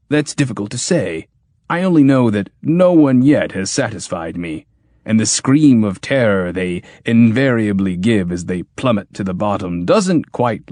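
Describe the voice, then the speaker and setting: A booming, menacing tyrant king, grim and exacting, as a man reads him. The voice sits low but swings widely in pitch, with a dry, close sound. He speaks like a storybook ruler who laughs like thunder. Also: a little mellow, no echo.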